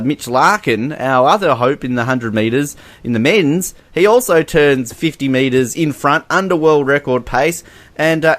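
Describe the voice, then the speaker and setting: A man with an Australian accent co-hosting a casual sports podcast, telling stories sarcastically with frequent laughs. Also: a little high. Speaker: podcast co-host.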